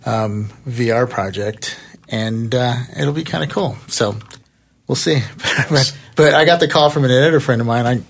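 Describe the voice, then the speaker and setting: A man's voice: medium pitch, normal speed, creaky. A man hosting a podcast in casual chat, upbeat and laughing often. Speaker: podcast host.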